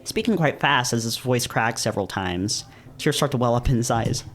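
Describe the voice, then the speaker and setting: A man reading a visual novel aloud in the first person, breaking off into casual, swearing, laughing commentary. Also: medium pitch. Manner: casual, swears and laughs, quick animated reactions.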